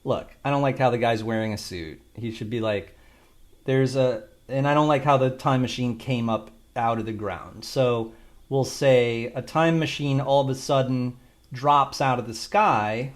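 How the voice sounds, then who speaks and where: Laid-back male tutorial host, unhurried, rambling delivery with casual profanity. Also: medium pitch. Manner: loose, rambling, swears casually, thinks aloud. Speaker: video creator demonstrating an AI video tool. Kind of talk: casual screen-recorded tutorial.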